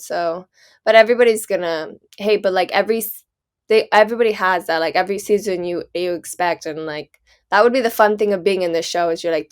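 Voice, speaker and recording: A woman's voice: medium pitch, fast talker, clear, resonant tone. A young woman co-hosting a casual podcast, thinking aloud with constant "like" and many restarts. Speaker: podcast co-host. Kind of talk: casual chat.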